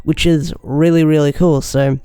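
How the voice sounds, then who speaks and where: Chatty young man reviewing, crisp dry voice. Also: fairly high pitch, steady tone, normal speed, dark tone, dry recording, faint music behind. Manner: chatty, enthusiastic, rambling with restarts. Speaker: show reviewer. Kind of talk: casual video review.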